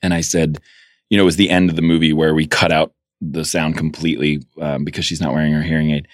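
A man interviewed as a filmmaker, telling anecdotes with animated energy and acting out the voices of the people in them. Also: rumbling low, quick pace, dry recording, clean studio sound. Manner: animated storyteller, acts out quoted voices. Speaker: guest filmmaker. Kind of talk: casual interview storytelling.

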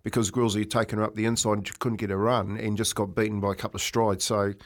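A man's voice: lowish voice, flat delivery, fast. A New Zealand man chatting casually on radio, telling a long story with lots of fillers and restarts. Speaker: racehorse owner and regular.

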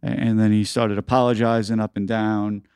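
A middle-aged New man tells a story on his podcast, his low voice gravelly and dark. He talks casually, full of "uh" and "you know", and gets louder when he replays an argument. The sound is smooth and dry, close to the mic. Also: little pitch movement, normal speed, dry recording. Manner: conversational, frequent "uh" and "you know", acts out quoted exchanges with rising voice. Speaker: podcast host.

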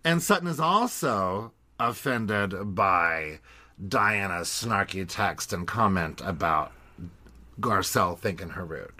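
Man, podcast co-host, low pitch, bright, chatty, playful recap. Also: animated, slow, no room sound. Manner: chatty, playful, slips into quoting voices. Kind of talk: casual chat, recapping a reality TV episode.

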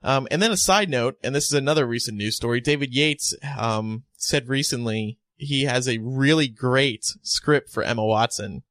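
A man's voice: mid-range voice, normal speed, hardly any pauses, fairly bright tone, no echo, studio quality. A man co-hosting a casual chat, relaying film news with chatty asides.

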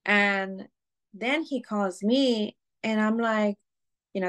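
Guesting on a podcast, a woman tells a personal story candidly in a slow, medium-pitched voice. Her casual storytelling is peppered with swearing, fillers, and restarts.

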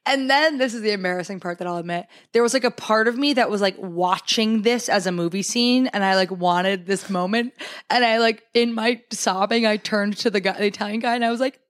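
A woman co-hosting a podcast in casual chat, telling a story and acting out quotes in high, excited voices. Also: a little fast, no echo, studio quality. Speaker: podcast co-host.

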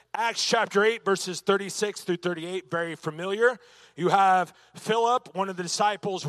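A man's voice: sits high, fairly bright tone, no room sound. Male Bible teacher, emphatic delivery, dry close sound. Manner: emphatic, punctuated with "amen" and rhetorical questions. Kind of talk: church Bible lesson.

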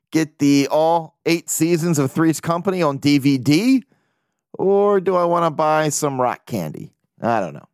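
A man's voice: medium pitch, no echo, clean studio sound. A man hosting his own podcast, telling rambling, jokey stories in casual chat. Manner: rambling, jokey storytelling with laughs. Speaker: podcast host. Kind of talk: casual solo podcast monologue.

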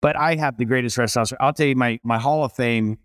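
A middle-aged man, a chef and restaurateur, telling stories as an interview guest in a lively, animated way. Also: mid-range voice, fast talker, clean tone, no room sound, studio quality. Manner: animated, acts out voices in stories. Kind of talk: storytelling interview.

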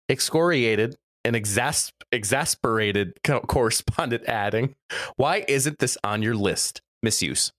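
A young man co-hosting a chatty podcast, his pitch swinging widely as he reads entries with mock gravity. The sound is close and dry, with no room echo. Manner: animated, laughs often, reads quotes with mock gravity. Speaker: podcast co-host. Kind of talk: casual chat, reading list entries aloud.

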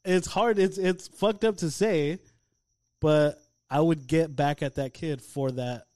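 A young man co-hosting a podcast, telling stories in animated, profane casual chat. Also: fairly high pitch, slow pace, no echo. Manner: animated storytelling, heavy swearing. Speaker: podcast co-host.

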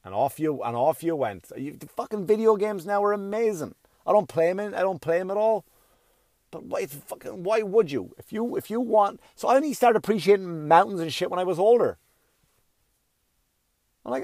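A man's voice: sits high, animated, a little fast, darkish tone, dry recording, clean studio sound. Profane ranting stand-up comedian man. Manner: profane, ranting, acts out voices.

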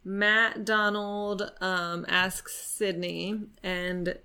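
A woman co-hosting a podcast, recapping with dry, deadpan jokes. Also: mid-range voice, extremely slow, smooth. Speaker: podcast co-host. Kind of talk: casual recap chat.

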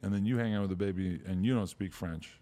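Casual crude banter from a young male podcast host, very low voice, blunt and laid-back, tossing out jokey questions. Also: fast talker, mellow.

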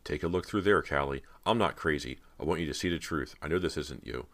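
A man voicing a frightened teenage girl, pleading frantically in a raised voice. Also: fast. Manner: pleading, frantic, voice pushed higher.

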